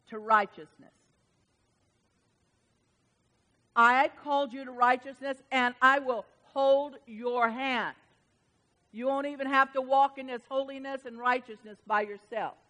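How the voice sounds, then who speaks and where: A woman's voice: medium pitch, fairly bright tone. A woman preaching a sermon to women, passionate and emphatic, breaking into exclamations and rising bursts.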